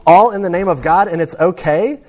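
A man's voice: sits high, fairly quick, darkish tone, close to an everyday voice. Give me a man reading an old man on his deathbed, angry and afraid, slightly raised voice. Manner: bitter, demanding.

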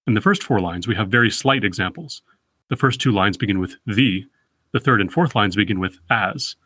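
A man hosting a poetry podcast, giving a careful, scripted close reading of a sonnet and slowing down to read verse lines aloud. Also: on the low side, pushed and bright, husky, no room sound. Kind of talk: scripted poetry analysis lecture.

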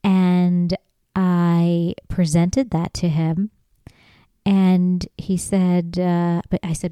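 A young woman talks alone on her podcast in a loose, swearing rant that keeps climbing into loud emphasis. Her voice sits a little low, mellow and smooth. The sound is dry and close. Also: little pitch movement, very slow, dry recording. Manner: profane, ranting, gets loud and emphatic. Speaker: podcast host. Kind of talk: casual solo monologue.

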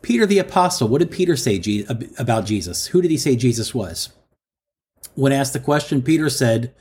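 A man preaching a sermon, calling his listeners friends and repeating each quoted line slowly for emphasis. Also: medium pitch, expressive, darkish tone.

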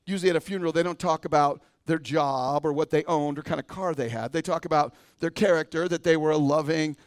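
A man's voice: fairly high pitch, fast talker, dry recording, studio quality. A man preaching a sermon as pastor, talking conversationally and often checking in with a "right?". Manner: conversational, asks the congregation and adds "right?". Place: church sanctuary.

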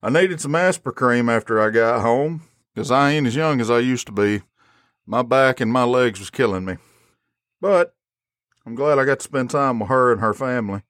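A man's voice: mid-range voice, no room sound, studio quality. A man with a Southern US accent hosting a podcast in a folksy, easygoing, polite way. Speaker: podcast host. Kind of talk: casual podcast chat.

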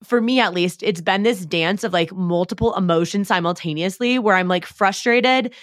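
A woman's voice: medium pitch, moderate pace, no room sound, clean studio sound. A pregnant young woman co-hosting a podcast, chatting in a bubbly, gushing way full of fillers. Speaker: podcast co-host. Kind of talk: casual chat.

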